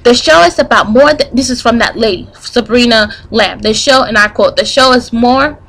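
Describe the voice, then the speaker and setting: A young woman ranting in a commentary vlog, angry and profane, with many asides and quotes read out slowly. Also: on the high side, a bit bright, poor audio. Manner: reads quotes aloud slowly. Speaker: vlogger commenting on news.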